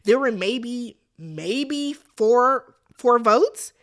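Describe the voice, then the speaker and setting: A woman hosting a casual recap, talking in a sassy, animated way and quoting the players with quick asides. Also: a little high. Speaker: recap show host.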